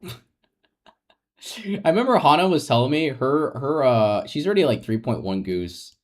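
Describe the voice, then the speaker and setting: A man's voice: medium pitch, very animated, moderate pace. A man streaming a game, chatting casually with viewers in a rambling, open and emotional way, often laughing and restarting his sentences. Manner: openly emotional, reassuring chat. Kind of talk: casual live-stream chat.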